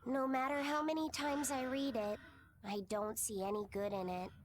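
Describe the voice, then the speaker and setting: An actress playing a thoughtful, gentle young boy in a video game. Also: high voice, little pitch movement, moderate pace, noisy background, natural voice.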